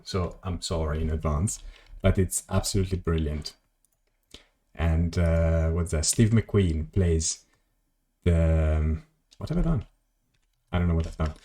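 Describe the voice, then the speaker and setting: Deep mellow guy streaming a game, rambly and chatty, cusses when stuff breaks. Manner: rambling, chatty, talks to chat and swears at the game. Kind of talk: casual gameplay commentary.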